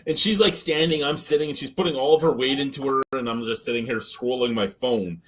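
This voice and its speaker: A man telling work stories in a casual podcast chat, animated, swearing and laughing often. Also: medium pitch, brisk.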